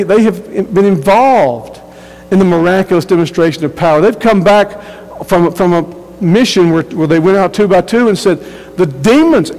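A man's voice: high-pitched, a little mellow, big-room sound, rough recording. A man preaching a sermon as pastor, earnest and emphatic, often repeating words as he restarts a phrase.

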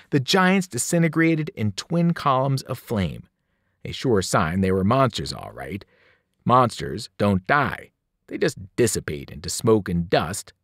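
A man, a teacher, reading a novel aloud to students in an expressive storytelling manner. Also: mid-range voice, dry recording, clean studio sound. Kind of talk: audiobook narration for students.

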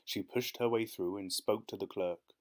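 A man narrates a short story in a low voice. His reading is measured and steady.

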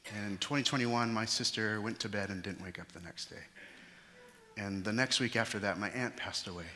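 A man preaching a sermon as pastor, lively, acting out the panicked disciples in quick voices. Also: fairly low pitch, a little hiss or hum. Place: church sanctuary. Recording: church hall with long reverb.

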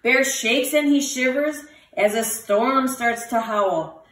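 A woman teacher reading a picture book aloud to children, with lively voices for the animals. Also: sits high, slow, recorded from a distance. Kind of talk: storybook read-aloud for children. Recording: roomy, from the mic.

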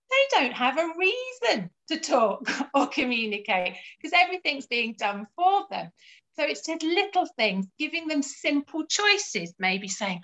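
A woman's voice: high voice, pushed and bright, rough recording. A woman giving encouraging advice to parents in a live Q&A, sometimes acting out what to say to a child. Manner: encouraging, acts out phrases to children. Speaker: early years family support worker.

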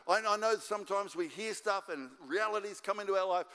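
A man's voice: sits high, fairly quick, sharp tone, smooth, big-room sound. An Australian man preaching a sermon as a guest pastor, fired up and driving home his points over and over. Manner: fired-up, repetitive exhortation. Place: church auditorium.

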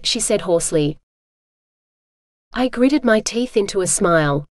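A woman giving brisk, clear scripted first-person narration for an audiobook. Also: mid-range voice, lively intonation, no room sound, studio quality.

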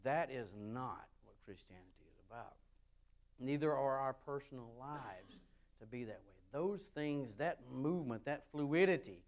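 A pastor from the United States preaching a sermon to his congregation, animated and rising loud when he reads scripture, with wry asides. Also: medium pitch. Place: church sanctuary with a congregation.

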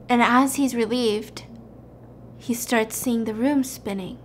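A young woman retells a film plot in a chatty, animated, casual way, as a show host would. Her voice is high and lively, and she drops into quick asides. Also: slight background noise. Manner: animated, chatty, acts out scenes.

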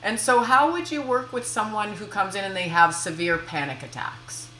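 A woman's voice: mid-range voice, moderate pace, sharp tone. A woman hosting an interview, affirming often and summarizing what her guest says. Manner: affirming, frequent agreement and summarizing. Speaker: podcast host. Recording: echoey room with faint noise.

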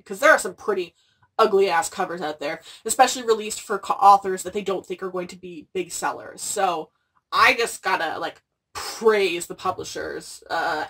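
A woman's voice: on the low side, a bit bright, slightly rough, far from the mic. A young adult woman chatting casually about books, rambling and gushing with lots of fillers. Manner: gushing, rambling, frequent "like" and "freaking". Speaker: book vlogger. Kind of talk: casual chat.

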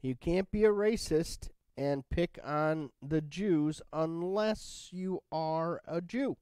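A man's voice: fairly high pitch, slow pace, warm tone, clean tone, dry recording. A man teaching a Bible study in a casual, conversational way, often checking in with "right?". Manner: conversational, keeps asking "right?".

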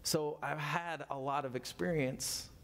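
A man's voice: a little high, steady tone, measured pace, gravelly, fairly bright tone. A man in his fifties teaching a Bible study in a folksy, conversational way, with self-deprecating asides. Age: 50s.

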